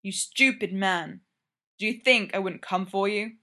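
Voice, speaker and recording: A woman's voice: mid-range voice, a little slow. A woman voicing a fierce, demanding man. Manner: demanding and forceful. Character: fierce, protective adult man.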